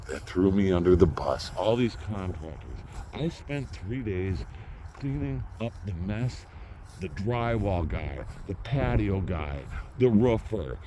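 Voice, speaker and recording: A man's voice: mid-range voice, a little hiss or hum. A middle-aged man with a Minnesota accent, talking in a blunt, profane, rambling monologue. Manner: profane, blunt, rambling, swings between grumbling and laughing. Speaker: vlogger.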